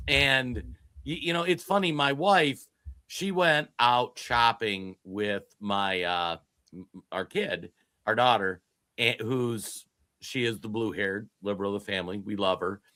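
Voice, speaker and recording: A man's voice: lowish voice, a little slow, bright, forceful tone, no echo. A man co-hosting a political talk show, telling stories in a rambling way with many restarts. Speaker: podcast co-host.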